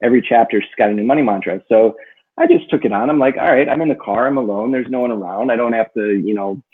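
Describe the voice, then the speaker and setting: Husky man telling a story over a tinny line. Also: medium pitch, fast talker. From northern Minnesota. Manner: rambling, many fillers, lively when quoting himself. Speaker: book club co-host. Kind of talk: casual storytelling chat. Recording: tinny phone-like audio.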